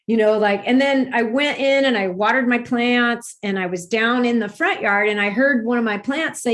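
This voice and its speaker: A woman's voice: fairly high pitch, normal speed, few pauses, a bit bright. A woman guest in a spiritual conversation, telling personal stories earnestly and rambling with restarts.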